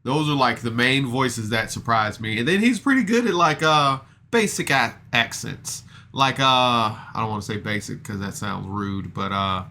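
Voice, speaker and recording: A man's voice: mid-range voice, gravelly, bright, forceful tone, slight background noise. A man recapping a podcast episode in a casual, rambling way, self-deprecating and full of fillers and restarts. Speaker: podcast reviewer.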